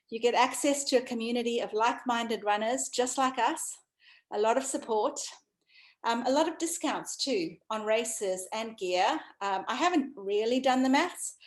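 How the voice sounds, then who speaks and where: Woman, running coach, video call, high-ish voice, relaxed and chatty. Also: poor audio. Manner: chatty and relaxed, frequent ums. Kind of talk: casual workout wrap-up and self-promotion.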